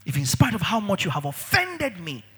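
A man preaching a sermon in an animated way, shouting at times, dropping low at others, and repeating phrases for emphasis. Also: moderate pace, husky.

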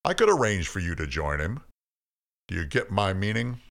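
A man voicing God as an all-powerful, stern but patient father figure, explaining things in a calm, folksy way. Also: low voice, a little slow, gravelly, exaggerated voice. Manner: stern, then soft and calm.

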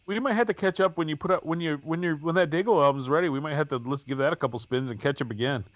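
A man hosting a podcast in casual chat, friendly, stumbling over his words when excited. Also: on the high side, fast talker, no echo. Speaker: podcast host. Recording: dull lo-fi dry sound.

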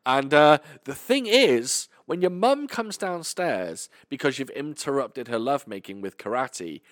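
A British man co-hosting a podcast, telling stories in a casual, animated, sweary way. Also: medium pitch, unhurried, no room sound, studio quality. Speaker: podcast co-host. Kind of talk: casual chat.

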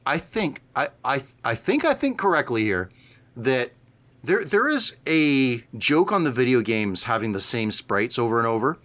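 Chatty man with lively pitch. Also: moderate pace. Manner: laughs easily, explanatory. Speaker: podcast co-host. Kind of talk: casual chat.

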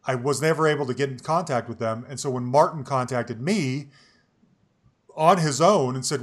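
Forties male host; chatty, rambling, mid-pitched, quick to laugh. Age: 40s. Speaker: podcast host. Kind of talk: casual chat.

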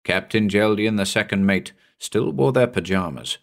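A man narrating a horror story in a measured, suspenseful reading. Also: lowish voice, creaky. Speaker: audiobook narrator.

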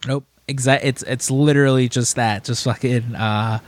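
A young man in a casual podcast chat, rambling through a story with plenty of fillers and false starts. His voice sits at an ordinary middle pitch, and his talk is loose and friendly. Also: fairly even intonation, moderate pace. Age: young adult. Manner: rambling, story-telling, lots of fillers and restarts. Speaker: podcast co-host.

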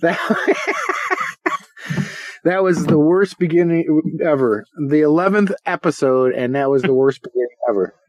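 A man with a fairly high, lively voice that swings up and down as he jokes through a casual podcast chat. He laughs often and pokes fun at himself and his partner. The recording is close and dry. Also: measured pace, dry recording. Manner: laughs often, joking and self-mocking. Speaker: podcast co-host.

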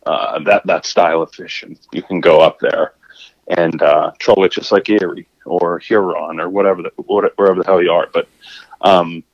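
Animated man telling a fishing story. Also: dry recording, dull audio. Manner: animated, rising pitch when quoting himself. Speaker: fishing guide and co-host. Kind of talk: casual storytelling chat.

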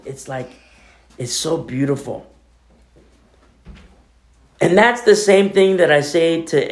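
A middle-aged man preaching a sermon in a conversational way, his voice swinging between loud emphasis and near-quiet asides. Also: on the high side, gravelly. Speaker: pastor.

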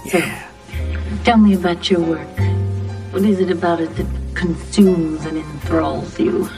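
An actress playing an alluring computer-generated woman who asks soft, probing questions, heard as a clip from a TV series. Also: on the low side, steady tone, measured pace. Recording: distant TV clip with faint music.

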